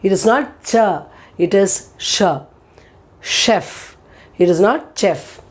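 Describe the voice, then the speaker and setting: A woman's voice: medium pitch, animated, measured pace, darkish tone. A woman, patiently teaching pronunciation and repeating each word for learners. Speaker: language teacher. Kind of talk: pronunciation lesson.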